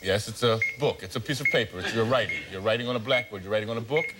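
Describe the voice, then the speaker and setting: A man's voice: on the low side, racing. Urgent man firing off game clues. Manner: tries word after word, urgent. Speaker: game show player. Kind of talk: rapid clue-giving in a word game. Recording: old TV broadcast, noisy.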